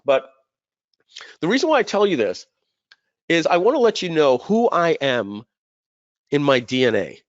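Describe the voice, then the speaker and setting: A man's voice: fairly high pitch, moderate pace, long pauses, no echo. A man in his fifties tells a personal story to a live webinar audience. He acts out the voices of people in the story and stumbles through restarts as he talks. The recording is dry and a little dull. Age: 50s. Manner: animated, acts out quoted voices, many fillers and restarts. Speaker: webinar host.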